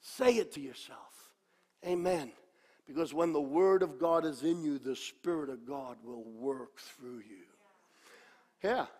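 A man in his sixties preaching a sermon, swinging between impassioned shouting and low, quiet speech with a repetitive, emphatic cadence. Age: 60s. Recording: long reverb of a large hall.

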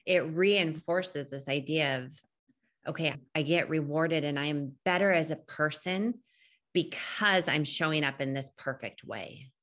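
A woman with a low voice speaks in a relaxed podcast chat. She talks earnestly and reflectively, now and then acting out what other people say. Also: a little slow. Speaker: podcast co-host. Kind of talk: casual podcast conversation.

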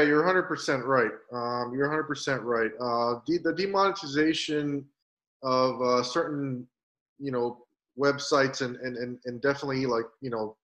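A man's voice: mid-range voice, a bit bright, muffled recording. A man speaking as a guest in a casual chat, rambling and full of filler words. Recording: roomy echo.

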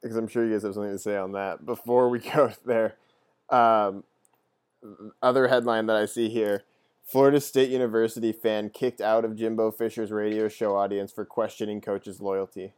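Guy on a sports podcast reading out headlines, kinda halting, dry mic. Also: on the low side, level tone, a little mellow, clear, resonant tone, no echo. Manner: reads headlines aloud, halting, chuckles. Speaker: podcast co-host. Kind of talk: reading headlines in casual chat.

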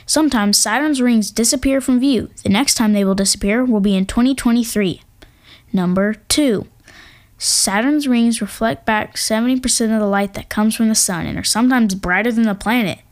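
Playful woman hosting an astronomy talk. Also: mid-range voice. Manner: playful, jokey asides, hums drum rolls. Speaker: podcast host. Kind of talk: casual educational narration. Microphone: home microphone.

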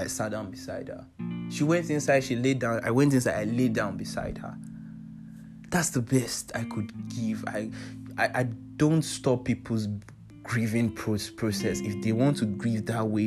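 A young man with a Nigerian accent giving personal advice in a casual, heartfelt monologue, earnest and emphatic, repeating phrases for stress. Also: medium pitch. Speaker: vlogger sharing personal advice. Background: soft guitar music.

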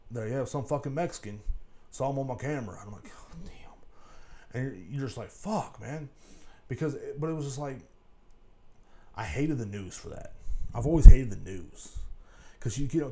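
A man's voice: mid-range voice, mellow, slight background noise. A man hosting a solo podcast, rambling casually with lots of swearing and filler phrases. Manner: rambling and profane, full of "you know what I'm saying". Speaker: podcast host.

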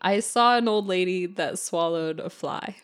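A woman's voice: lowish voice, measured pace, clear, resonant tone. A woman co-hosting a podcast in casual chat, telling rambling stories with giggles. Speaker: podcast co-host. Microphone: studio microphone.

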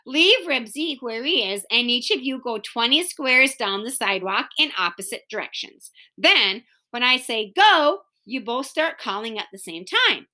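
A woman reading aloud, voicing a bossy, fair-minded boy who runs a contest in a brisk, official way. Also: fairly high pitch, expressive, sharp tone.

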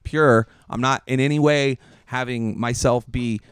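Smooth-voiced comedian musing at length. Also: male voice, mid-range voice, fairly even intonation, a little slow, no room sound, clean studio sound. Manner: thoughtful, long winding sentences with fillers. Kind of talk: casual podcast chat.

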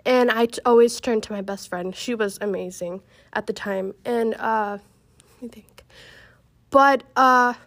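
A young woman telling a personal story in a casual chat, emotional and halting, with many fillers. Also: a little high, fairly bright tone. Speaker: guest.

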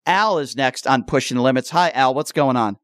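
A man's voice: mid-range voice, brisk, a bit bright, no room sound, studio quality. A man hosting a call-in radio show, blunt and argumentative. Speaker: radio talk show host.

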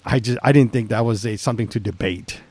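A man's voice: medium pitch, fast, darkish tone, no echo. A man co-hosting a podcast in casual chat, rambling and laughing often. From San Antonio, Texas. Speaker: podcast co-host.

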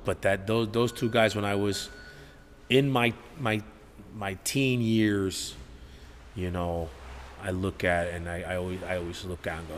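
A man, a gym owner and coach telling stories in a casual, profane, animated interview, acting out what people said. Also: low voice, measured pace. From Newark, New Jersey. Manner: profane, animated storyteller who acts out quotes. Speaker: gym owner and head coach, podcast guest. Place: martial arts gym. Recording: reverberant room with faint background noise.

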